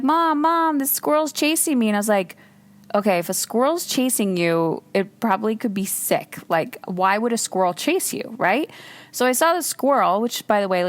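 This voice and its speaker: A woman podcast host telling a personal story in a casual way. She jumps high when she quotes her own exclamations and swears freely. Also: dry recording.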